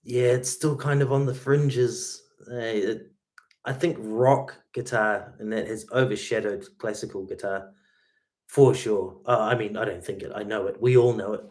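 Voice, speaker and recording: A man's voice: lowish voice, steady tone, moderate pace, a little mellow. Laid-back male guitarist chatting on stream. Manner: chatty, laid-back, lots of "man" and "mate". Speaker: guitarist and livestream host. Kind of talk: casual livestream chat reading viewer comments.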